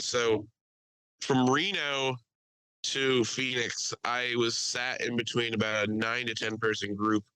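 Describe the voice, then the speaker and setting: Bright-voiced man telling a crude story. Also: medium pitch, clean tone, dry recording, rough recording. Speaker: podcast host. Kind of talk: casual storytelling chat.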